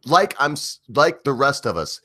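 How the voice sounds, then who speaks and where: A middle-aged man hosts a livestream, ranting in a rambling, profane way and chuckling often. His medium-pitched voice is bright and forceful with big pitch swings at a moderate pace, recorded cleanly in a studio with no room sound.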